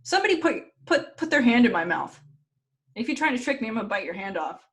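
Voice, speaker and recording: A woman's voice: on the high side, big pitch swings, quick pace, voice pushed up. A woman voicing a boastful giant male wolf who talks in a brash, crude, swaggering way. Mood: suspicious.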